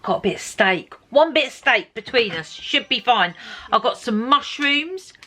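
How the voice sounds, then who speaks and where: A woman's voice: fairly high pitch, lively intonation, moderate pace, pushed and bright. A middle-aged woman narrating a casual vlog to camera in a chatty, upbeat way. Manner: chatty and upbeat, with frequent laughs. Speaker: vlogger.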